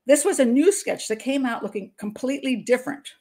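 A frank older woman hosts her channel with a slightly high voice. She talks in a loose, opinionated flow, with restarts and short laughs between her points. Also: expressive, a little fast, a little mellow. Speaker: criminal profiler, channel host. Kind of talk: casual commentary monologue.

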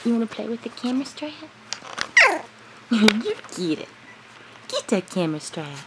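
A woman's voice: a little high, huge pitch swings, a little slow. Woman cooing baby talk to puppies. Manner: cooing, sing-song, playful. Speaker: dog breeder filming puppies. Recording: noisy home video.

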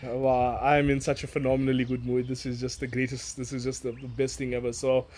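A man in his thirties from Africa, gushing excitedly in a casual outdoor unboxing vlog, repeating words and laughing often. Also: mid-range voice, fairly quick. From South Africa. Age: 30s. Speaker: toy reviewer. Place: outdoors in a yard.

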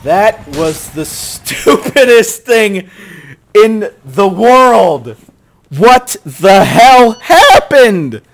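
A man's voice: high voice, very animated, drawn-out words. Exasperated swearing gamer man. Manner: exasperated, swearing, yelling at the game. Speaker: let's play host. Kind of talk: gameplay commentary.

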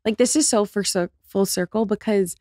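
A young woman talking as a podcast guest, chatty and loose, leaning on "like" as she goes. Her voice sits at an ordinary middle pitch. The studio sound is dry and close. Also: moderate pace, dark tone, no echo. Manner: chatty, filler-heavy, lots of "like". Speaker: guest, trend forecaster. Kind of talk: casual podcast chat.

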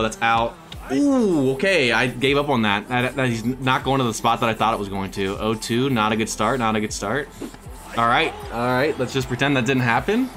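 A young man talks over his own game in a bright, forceful voice, jumping from loud hype to low muttering. He sounds close to a desk mic at home. Soft background music plays beneath him. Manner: excitable, swings between hype shouts and muttered asides. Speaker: gaming YouTuber. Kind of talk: excited live gameplay commentary.

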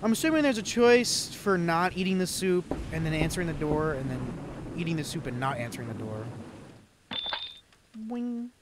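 A man's voice: a little high, lively intonation, fairly quick, noisy background. A young man giving casual, profane, jokey commentary while playing a game. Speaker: let's play host.

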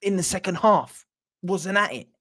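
A man's voice: high-pitched, normal speed, fairly bright tone. A man giving an angry, sweary reaction after his team loses a football match. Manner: furious, swearing, repeats himself. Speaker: football fan channel host.

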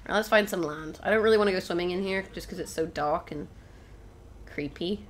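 A woman's voice: fairly low pitch, brisk, a little hiss or hum. A young woman casually commenting on a video game she is playing, chatting to viewers and exclaiming at what happens on screen. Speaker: let's play host. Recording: game sound clearly behind voice. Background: game ambience.

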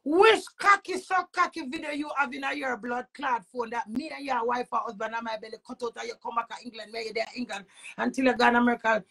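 A middle-aged Jamaican-accented woman vents heatedly to camera in her personal vlog, swearing freely. Her voice is a little high, steady, fast and creaky, and she's emphatic, breaking into sudden loud outbursts and laughs.

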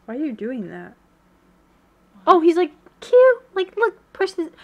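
Excitable high-voiced woman streaming games. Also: measured pace. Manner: excitable, squeals and shrieks, giggly. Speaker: gaming streamer. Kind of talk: casual gaming livestream commentary.

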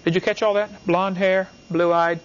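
Guy teaching a class, high voice, punchy and emphatic, keeps quizzing the students, muffled old recording. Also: flat delivery, unhurried. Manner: emphatic, asks the class questions; talks in short repeated phrases. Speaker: lecturer. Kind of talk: classroom lecture.

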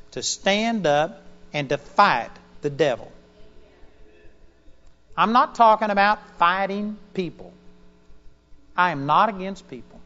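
A man preaches in an auditorium, his voice sitting somewhat high. He swings between loud, emphatic bursts and soft, confiding asides. The sound is muffled and lo-fi, with a dull top end. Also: big-room sound. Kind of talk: sermon to a live congregation.

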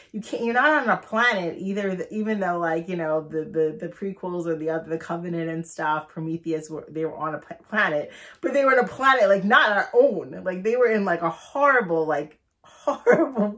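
Young woman kinda hoarse from being sick, rambly excited reaction chat, mid pitch. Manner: excitable, rambling, many fillers and restarts. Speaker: movie trailer reaction host.

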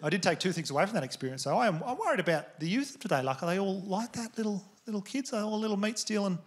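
High-pitched, expressive, and rapid-fire, an Australian man performs a stand-up set on a comedy club stage. His crude, casual stories play to a live audience whose noise and laughter come through.

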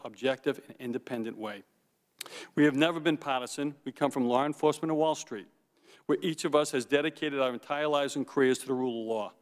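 A man testifying as a forensic investigator at a hearing, speaking with deliberate emphasis and repeating his key points. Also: mid-range voice, in a large hall. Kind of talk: prepared testimony. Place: congressional hearing room.

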